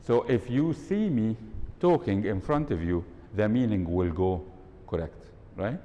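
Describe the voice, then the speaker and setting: Animated yet unhurried, a man with a warm tone leads a live workshop in an event hall, testing the audience with questions and modeling tones of voice. The room adds long reverb and a faint rumble.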